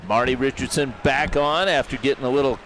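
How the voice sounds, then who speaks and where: Man calling hockey, arena noise behind. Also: mid-range voice. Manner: brisk, jokey, rises to shouts on big plays. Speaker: play-by-play commentator. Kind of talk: live hockey play-by-play. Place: hockey arena broadcast booth. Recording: rink commentary with loud crowd and arena noise.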